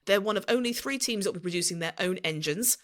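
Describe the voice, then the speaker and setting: A woman's voice: medium pitch, fast talker, a bit bright. A woman co-hosting a casual podcast, reading out news points and teasing her co-hosts with blunt swearing. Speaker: podcast co-host.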